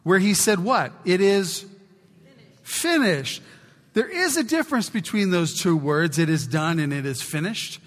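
Pastor guy preaching a sermon, loud then hushed, echoey church hall. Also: fairly high pitch, lively intonation, moderate pace, few pauses. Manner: exhorting, swings from loud to hushed. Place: church sanctuary. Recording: long church reverb.

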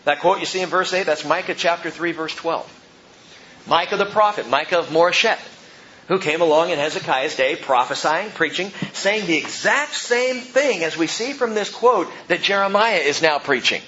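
A man preaching a sermon as pastor, swinging between loud emphatic peaks and quiet low asides. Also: normal speed, lo-fi sound, a little hiss or hum. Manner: animated preaching, rising and dropping sharply for emphasis.

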